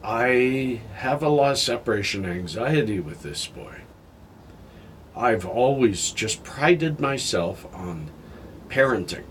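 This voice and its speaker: An older man talking candidly in a personal vlog, halting and heartfelt, sounding tired and emotional. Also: mid-range voice, animated, a little hiss or hum. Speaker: health vlogger.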